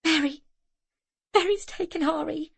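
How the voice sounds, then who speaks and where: A frantic young mother from an audiobook, her voice pitched high and trembling with panic, breaking into shouts, as a woman reader puts her on. The read is close and dry, with no room around it. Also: takes it slowly, creaky, no echo, full character voice. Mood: desperate. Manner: breathless, shaky, rising to shouts.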